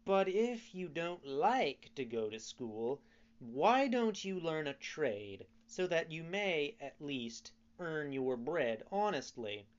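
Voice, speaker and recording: A man voicing a hundred-year-old talking cricket in a storybook reading, lecturing calmly and solemnly. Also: fairly high pitch, takes it slowly, lo-fi sound. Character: ancient talking cricket, calm and preachy.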